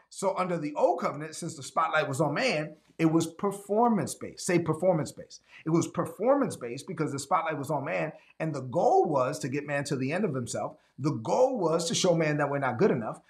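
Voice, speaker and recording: A pastor preaching an online sermon speaks on the high side, a little fast, with lively intonation and hardly any pauses. He repeats key phrases, asks listeners to answer in the chat, and sometimes acts out voices he quotes.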